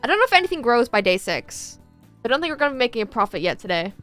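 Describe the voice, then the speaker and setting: A woman's voice: fairly high pitch, very animated, very fast, a bit bright, faint music behind. A woman chatting casually with her viewers while she plays a farming game, rambling and talking to chat as she goes. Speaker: streamer.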